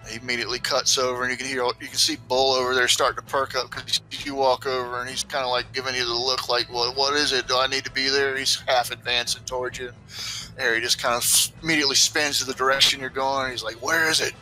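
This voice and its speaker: A man's voice: medium pitch, sharp tone, rough recording. A man narrating a tabletop game as game master over an online voice call, rambling and loose with many fillers.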